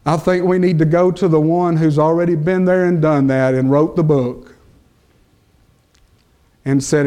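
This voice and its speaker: Slow, emphatic male preacher. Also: a little high, fairly even intonation, dark tone. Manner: slow, emphatic preaching with pauses and rising peaks. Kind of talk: sermon.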